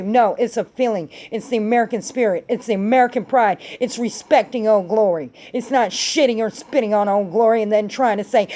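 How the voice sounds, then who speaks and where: A woman's voice: mid-range voice, expressive, moderate pace, dark tone. A middle-aged woman hosting a talk show, ranting angrily about politics with plenty of swearing. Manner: angry, profane ranting. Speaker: podcast host. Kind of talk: heated political commentary.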